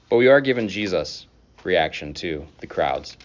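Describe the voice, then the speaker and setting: Low-voiced pastor preaching casually. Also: male voice, expressive, lo-fi sound, a little hiss or hum. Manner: conversational preaching with casual asides and quick laughs. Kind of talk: sermon.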